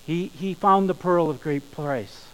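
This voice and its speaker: A man preaching a sermon, emphatic, slowing down and rising in volume on key phrases. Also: on the high side, fairly bright tone, low-quality recording. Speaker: pastor.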